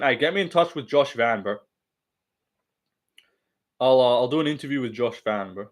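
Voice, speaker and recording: A man's voice: mid-range voice, expressive, moderate pace. A young man rambling casually and profanely on a live stream, laughing often and reading chat.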